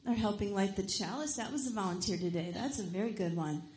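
A woman giving a gentle, encouraging talk to children during a church service. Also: medium pitch, quick pace. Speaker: children's message leader. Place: church sanctuary. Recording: roomy church sanctuary.

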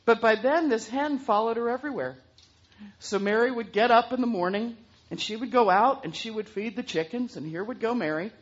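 A woman telling a story aloud in an animated way, throwing in sound effects. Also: a little high, a little fast, dull audio. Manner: lively, with vocal sound effects.

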